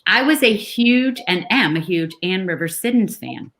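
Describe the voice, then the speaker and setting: A woman co-hosting a casual video chat, telling a story in an animated way. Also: medium pitch, moderate pace. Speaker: co-host.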